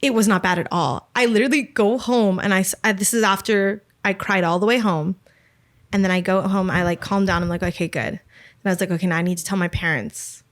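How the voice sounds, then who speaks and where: A young woman in her twenties co-hosting a podcast, telling stories in an animated way and laughing as she talks. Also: mid-range voice, a little fast. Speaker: podcast co-host. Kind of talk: casual chat.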